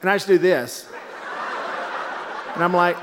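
A middle-aged man telling a casual anecdote, animated and acting out the voices of the people in it. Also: high voice, unhurried, big-room sound, noisy background. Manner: animated, acts out quoted voices. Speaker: storyteller. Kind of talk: casual anecdote, told to a laughing audience.

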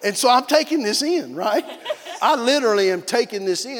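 A man with a high voice delivers a sermon from the pulpit. He tells stories in an animated way and breaks into barking imitations. The sound carries the long reverb of a large church hall. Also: brisk. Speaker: pastor.

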